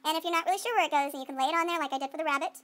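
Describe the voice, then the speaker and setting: High voiced art teacher lady talking through a clay project, playful and chatty. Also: racing, a bit bright. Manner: playful running commentary while working. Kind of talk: clay sculpting demonstration for students.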